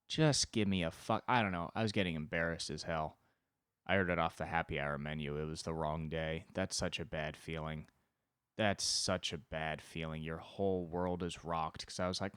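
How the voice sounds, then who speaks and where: Low-voiced young man ranting solo. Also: steady tone, moderate pace, fairly bright tone, clean tone, no echo, clean studio sound. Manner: rambling, self-deprecating, swears a lot. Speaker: podcast host. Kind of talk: solo comedic monologue.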